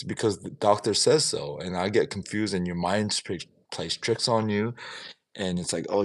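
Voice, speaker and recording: Deep-voiced guy ranting on his livestream, opinionated, swears some. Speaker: livestream vlogger. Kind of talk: casual livestream rant.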